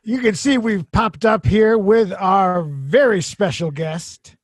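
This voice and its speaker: A man's voice: sits high, slow, dry recording, clean studio sound. A man hosting a comedy podcast over a video call, joking and rambling with frequent laughter. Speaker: podcast host.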